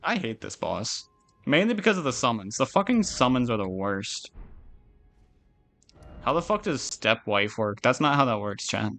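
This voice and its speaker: A young man streaming a video game, chatting casually with viewers, swearing often and venting loudly at the game. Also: mid-range voice, sing-song, moderate pace, vocal fry, faint music behind. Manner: loud, swearing, frustrated outbursts and laughing. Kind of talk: casual gaming stream chat.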